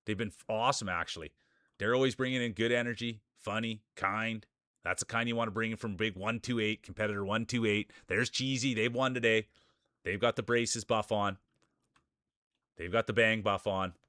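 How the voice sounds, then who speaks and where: A man with a lowish voice hosts a live stream, calling marble races like a hype announcer and welcoming his viewers. His intonation stays fairly even at a normal pace, and his delivery is pushed and bright. The recording is dry, with clean studio sound.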